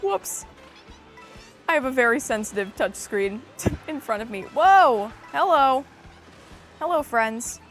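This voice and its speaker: A woman co-hosting a livestream, excitable and self-mocking as she plays a racing game and chats with her viewers. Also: sits high, slow, long pauses, faint music behind. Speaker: livestream co-host playing a kart racing game. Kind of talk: casual livestream banter.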